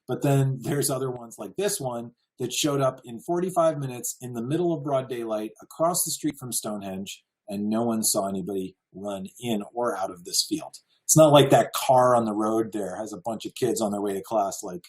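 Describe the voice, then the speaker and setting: A man's voice: medium pitch, normal speed, few pauses, darkish tone, low-quality recording. An American man giving a casual slideshow lecture, earnest and full of wonder, chuckling now and then. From United States. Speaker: presenter.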